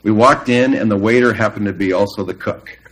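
A middle-aged man preaching a sermon, earnest and emphatic, with long pauses. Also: fairly low pitch, fairly bright tone, low-quality recording. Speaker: pastor.

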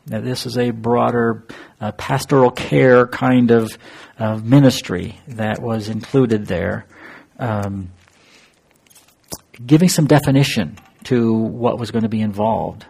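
A man teaching verse by verse through a Bible passage, thoughtful and halting, pausing with fillers and posing rhetorical questions to his listeners. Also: mid-range voice, creaky, darkish tone, breathy edge.

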